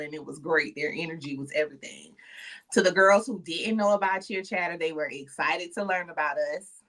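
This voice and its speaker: Woman, low-ish pitch, casual chat, animated, colloquial, shout-outs. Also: far from the mic, low-quality recording. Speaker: podcast co-host.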